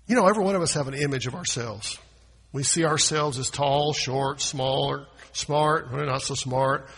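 A man preaching a sermon as pastor, swinging from quiet asides to loud, emphatic proclamations. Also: mid-range voice, moderate pace, vocal fry, husky. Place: church sanctuary. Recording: long hall reverb.

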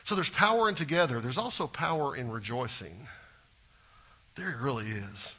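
Middle-aged man, pastor mid-sermon, bright, forward tone, animated, moving from quiet asides to loud emphasis. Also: mid-range voice, normal speed. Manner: animated, swings between soft asides and loud exclaiming.

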